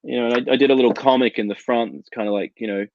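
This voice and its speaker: A man's voice: mid-range voice, steady tone, very fast, no room sound. A man co-hosting a casual comics chat over a video call, telling rambling, profane anecdotes. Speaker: co-host of a comics chat show. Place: home out in the desert. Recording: dull lo-fi video call audio.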